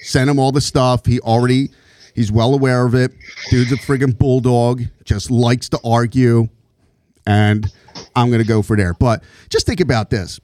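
A man's voice: medium pitch, steady tone, moderate pace, darkish tone, no room sound. Man, middle-aged, podcast co-host, heated, rambling, restarts often, dry close sound. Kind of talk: casual conversation.

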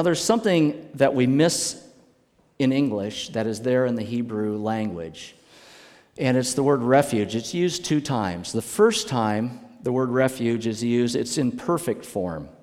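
A man preaching a sermon as pastor, slow and emphatic, his voice rising and falling for emphasis. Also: mid-range voice, a little mellow. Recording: long reverb of a large hall.

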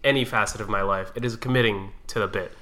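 A man co-hosting a podcast, teasing his friends in casual banter. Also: fairly low pitch. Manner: teasing, animated, quick to laugh. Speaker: podcast co-host.

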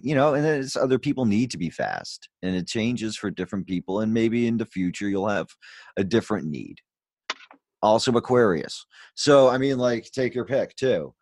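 Low-voiced rambling podcast host. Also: male voice, darkish tone, dry recording, clean studio sound. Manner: rambling, many restarts and fillers. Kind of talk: casual conversation.

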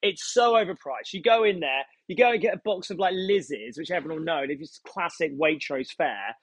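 A young man, a startup founder and podcast guest, chatting casually with animated, swearing, joking rambles. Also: fairly high pitch, husky, no room sound. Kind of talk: casual chat.

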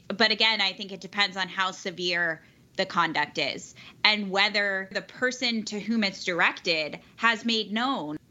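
Woman in-house lawyer guest, thoughtful, bright sharp tone, dull lo-fi audio. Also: medium pitch. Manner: thoughtful, weighs points carefully. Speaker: in-house counsel, podcast guest. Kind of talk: conversational legal podcast discussion.

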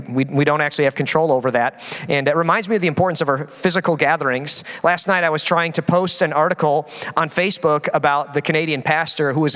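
A man preaching a sermon as pastor, telling stories with quick jokes and frequent fillers. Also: a little high. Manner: animated storytelling with quick jokes. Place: large church hall. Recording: long hall reverb.

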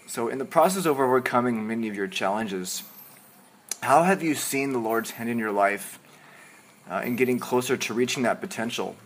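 A man's voice: medium pitch, normal speed, a little hiss or hum. A man hosting a faith-themed podcast, asking questions in a friendly, searching way. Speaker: podcast host.

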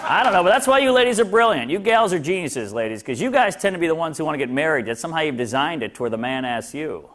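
A man's voice: a little high, animated, fast. Wry stand-up man with a live crowd. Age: 30s. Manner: wry, sarcastic, mock-quotes people. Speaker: stand-up comedian. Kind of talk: stand-up set. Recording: live club with loud crowd and noise. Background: audience laughter.

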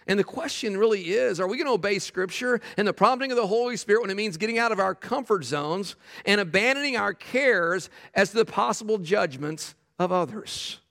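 A man preaching a sermon as pastor, emphatic and animated, often repeating phrases for effect. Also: high-pitched, fairly quick, creaky, in a large hall. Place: church sanctuary.

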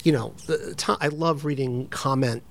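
A man's voice: mid-range voice, moderate pace, gravelly. A man hosting a food podcast, chatting in a restaurant dining room with restaurant sounds behind. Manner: chatty, conversational. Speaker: podcast host. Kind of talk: interview and show intro. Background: restaurant noise.

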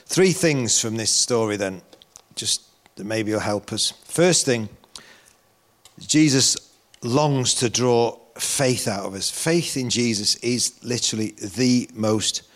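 Animated preacher man. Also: mid-range voice, slow pace. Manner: animated storytelling, rising loud for emphasis. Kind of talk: sermon.

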